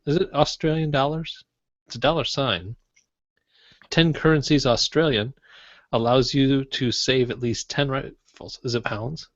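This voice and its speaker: On a tech podcast, a medium-pitched male co-host keeps the chat easygoing and jokey, stumbling a bit as he reads out listener emails. The recording is dull, dry lo-fi with no room sound.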